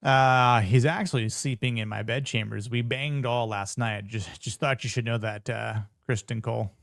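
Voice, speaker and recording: A man's voice: medium pitch, fairly even intonation, normal speed, gravelly, fairly bright tone, dry recording. A man giving casual reaction commentary on a TV episode, blunt, profane and joking. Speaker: show reviewer.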